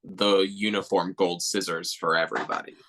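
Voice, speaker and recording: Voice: sits low, steady tone, moderate pace, fairly bright tone. A podcast co-host on a casual movie review show, chiming in with wry quips.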